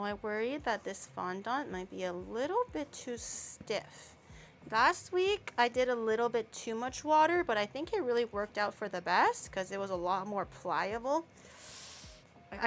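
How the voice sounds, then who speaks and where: A woman streamer chatting casually while baking, rambling and easily excited. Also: fairly high pitch, a little hiss or hum.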